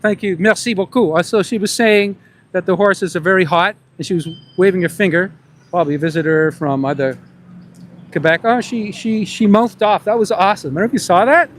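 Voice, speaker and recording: A man's voice: high-pitched, a little fast, a little hiss or hum. Needling street-interview man with put-on New York accent. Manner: leading, needling questions with muttered asides to camera. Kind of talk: confrontational street vlog. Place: outdoors on a city street. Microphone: camera on a tripod.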